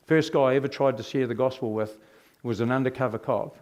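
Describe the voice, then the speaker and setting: A middle-aged man tells his own life story as a testimony. He speaks in an animated way and often turns to the audience with rhetorical questions. His voice sits at an ordinary male pitch. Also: a little fast. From New Zealand.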